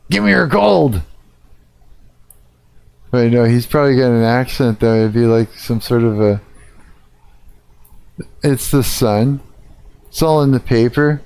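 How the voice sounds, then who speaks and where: A man's voice: medium pitch, mellow, smooth, no room sound. A man live-streaming, reacting casually to a video, laughing often and swearing as he thinks aloud.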